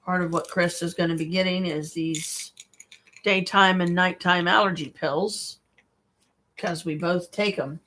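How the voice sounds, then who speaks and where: A woman's voice: lowish voice, fairly even intonation, unhurried, fairly bright tone, a little hiss or hum. A woman talking in a casual livestream monologue, rambling, blunt and exasperated, swearing freely as she speaks straight to a viewer. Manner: speaks to one viewer directly.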